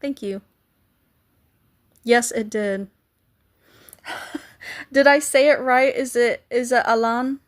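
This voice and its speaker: A woman's voice: fairly high pitch, takes it slowly, pauses often. A woman live streaming, chatting casually with viewers and playfully trying to pronounce foreign greetings.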